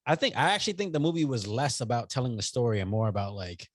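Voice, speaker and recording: A man co-hosting a podcast, talking about a movie in a casual chat, playful and animated. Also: mid-range voice, fast, dry recording, clean studio sound. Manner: animated, playful, acts out silly voices. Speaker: podcast co-host.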